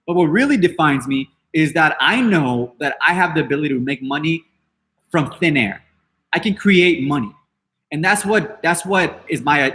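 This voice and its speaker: A man's voice: a little high, sharp tone. A man hosting a podcast, ranting casually in a brash, defiant way, swearing freely and rambling with many restarts. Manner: dismissive and defiant. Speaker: podcast host. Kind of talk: casual unscripted rant.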